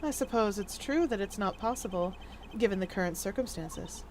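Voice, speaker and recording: A woman voicing a cool, formal male prosecutor who lays out his reasoning in a measured, precise way. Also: mid-range voice, lively intonation, darkish tone, a little hiss or hum, pitched below the performer's own voice, lightly acted. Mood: calm, deductive.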